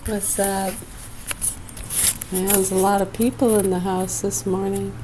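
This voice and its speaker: A woman's voice: medium pitch, little pitch movement, a little slow, noisy background. A woman in her forties talking casually to camera, blunt and profane, slipping into agitated rants. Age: 40s. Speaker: vlogger. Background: music playing.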